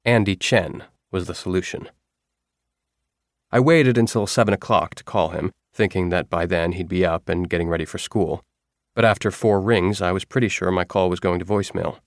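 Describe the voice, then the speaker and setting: A man reading a first-person story aloud in a measured, wry storytelling manner. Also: low voice, no room sound, studio quality. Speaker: audiobook narrator. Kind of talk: scripted first-person narration.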